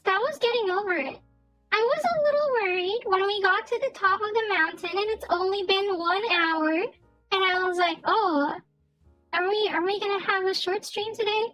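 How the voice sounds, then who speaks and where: Woman, game streamer, very high voice, casual rambling chat, repeats words, faint music behind. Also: fairly bright tone, dry recording. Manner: chatty and rambling, repeats words while thinking.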